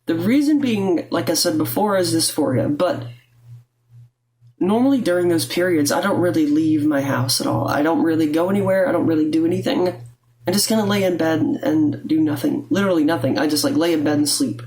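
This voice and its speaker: A woman's voice: sits low, brisk, darkish tone. A young adult woman, vlogging at home in a blunt, profane, rambling way, her throat rattly with phlegm. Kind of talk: casual confessional talk to camera. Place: at home, indoors.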